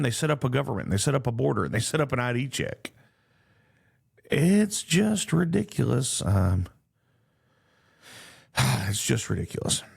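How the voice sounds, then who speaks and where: A man's voice: lowish voice, vocal fry, a little mellow, husky. A man hosting a solo podcast, reading news headlines aloud and commenting on them indignantly, with frequent fillers and restarts. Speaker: podcast host.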